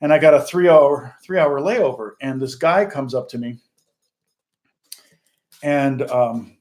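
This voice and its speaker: A man's voice: medium pitch, a little slow, darkish tone. A middle-aged man, a musician and channel host, telling a long story in casual, rambling fashion, interrupting himself and laughing often.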